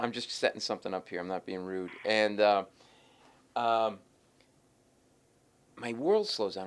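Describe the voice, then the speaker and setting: A middle-aged man, a comedian telling animated stories in an interview and acting out the people in them. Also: on the low side, clear, resonant tone. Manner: acts out the other people in his stories, quick and lively. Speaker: stand-up comedian, interview guest.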